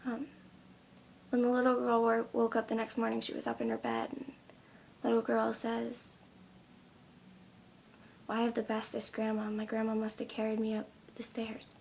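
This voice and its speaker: A young woman in her teens retelling a story in a casual vlog, speaking softly and often near a whisper, with many ums. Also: a little high, normal speed, creaky, pauses often, slight background noise. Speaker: vlogger.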